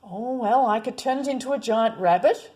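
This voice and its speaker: A woman voicing a gentle wizard father in a read-aloud storybook, mild and placating. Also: a little high, normal speed, close to an everyday voice.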